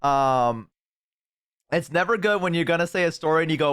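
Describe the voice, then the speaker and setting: A man's voice: fairly high pitch, normal speed, clean tone. A young man streaming live, chatting casually with a guest and his chat, telling stories with acted-out voices. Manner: animated storyteller, mimics voices.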